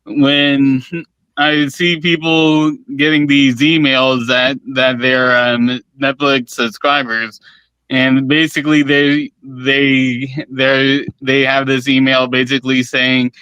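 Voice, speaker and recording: Slow, smooth-voiced man explaining hesitantly. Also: medium pitch, flat delivery, bright, forceful tone, dry recording, highs cut off. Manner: hesitant, full of restarts while explaining. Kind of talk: casual chat.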